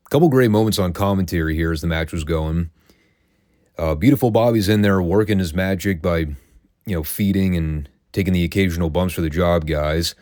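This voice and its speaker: A man's voice: deep voice, darkish tone, dry recording, studio quality. A man hosting a casual solo recap show, telling the story in a chatty, wry, opinionated way. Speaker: wrestling recap host.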